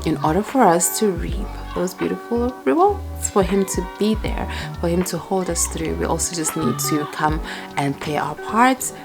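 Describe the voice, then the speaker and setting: A woman in her forties reading Bible verses aloud and reflecting on them in a casual home vlog, with slow pauses and soft laughs. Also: lowish voice, lively intonation, gravelly, music in the background. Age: 40s. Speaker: vlogger. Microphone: clip-on mic.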